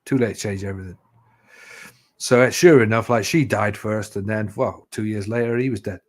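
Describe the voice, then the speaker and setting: A man's voice: on the low side, brisk. A man telling stories in a casual chat, rambling and swearing freely with lots of "you know". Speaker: live chat host.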